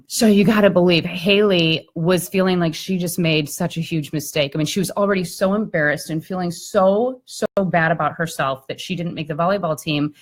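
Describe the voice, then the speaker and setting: Woman telling an animated story. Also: fairly low pitch, normal speed, few pauses. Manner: animated, conversational storytelling with frequent "like" and "I mean". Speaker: keynote speaker and coach. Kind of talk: storytelling on a live video chat.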